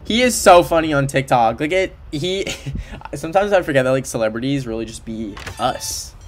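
A young man from Canada talks through his game stream in a chatty, playful way, with a medium-pitched voice. He rambles with plenty of fillers and now and then hums nonsense syllables along with the tune. Faint game music plays behind him. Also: lively intonation, normal speed. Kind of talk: casual livestream gameplay chat.

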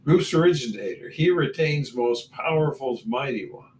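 A man's voice: medium pitch, animated, moderate pace, a little mellow. A man reading Bible verses aloud and adding blunt comments between them. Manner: reads verses then adds blunt asides. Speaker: Bible teacher. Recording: roomy, distant mic with faint room noise.

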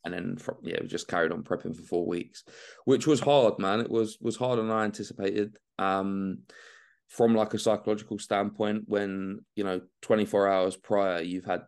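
A man's voice: fairly low pitch, fairly even intonation, moderate pace, creaky, darkish tone, clear, resonant tone. A young man talking casually and swearing freely in a podcast chat, dropping mate and man into his sentences. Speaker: bodybuilding guest.

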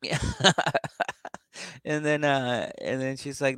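Man, podcast co-host, middle pitch, dry close mic, animated storyteller who laughs a lot. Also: takes it slowly, long pauses, smooth, no room sound. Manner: acts out quotes in exaggerated voices, laughs often. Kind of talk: casual comedic recap chat.

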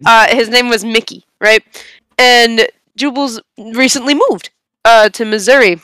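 A young woman on a casual podcast, telling a long story in an animated, rambling way with bursts of laughter. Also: fairly high pitch, measured pace, clean tone, dry recording. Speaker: podcast co-host.

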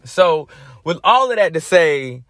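A man's voice: a little high, sing-song, a little slow, a bit bright, dry recording. Dry, casual man telling a story. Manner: casual storytelling with slang and restarts. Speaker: podcast host. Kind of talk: casual faith testimony.

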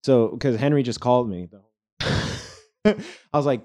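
A man telling a story in casual chat, profane and animated, acting out the people he quotes. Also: mid-range voice, normal speed.

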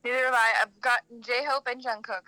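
A young woman co-hosting a podcast in casual chat, excitable and exclamatory, often acting out what people said. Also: on the high side, a little fast, no room sound, poor audio. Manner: excitable, exclamatory, acts out quotes. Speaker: podcast co-host.

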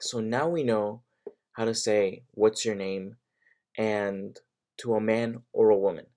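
A man hosting a podcast, giving a casual language lesson and repeating phrases slowly to explain them. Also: mid-range voice. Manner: slow repetition of phrases, explanatory. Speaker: Arabic teacher and podcast host. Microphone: podcast mic.

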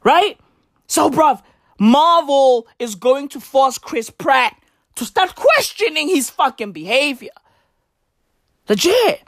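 A woman's voice: sits high, big pitch swings, takes it slowly, long pauses, a bit bright, dry recording, studio quality. A woman delivering a crude, rambling, profane comedic rant in slangy bro talk.

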